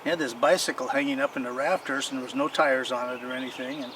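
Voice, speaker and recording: A man's voice: medium pitch, fairly even intonation, fast talker. A man casually showing off his old bicycles and telling stories in a rambling, folksy way, recorded outdoors. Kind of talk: casual show-and-tell storytelling. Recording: distant mic with clear outdoor noise.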